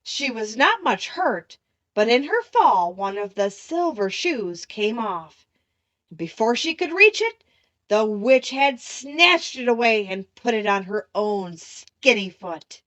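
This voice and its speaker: A woman reading a children's classic aloud as an audiobook narrator, steady and clear. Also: a little high, slow, no room sound. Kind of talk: scripted storybook narration.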